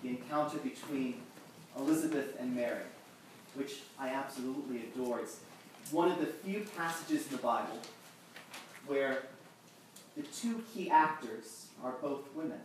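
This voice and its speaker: A man's voice: medium pitch, far from the mic, slight background noise. Man preaching in a very echoey church. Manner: conversational, self-deprecating, with halting restarts. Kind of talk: sermon. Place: large echoing church.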